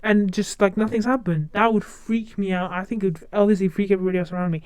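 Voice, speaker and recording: Streamer, not a native English speaker, casual chat; clear, smooth mid-pitched voice; loose and repetitive delivery. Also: fairly even intonation, fast, darkish tone, dry recording. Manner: rambling, chatty, repeats words and restarts.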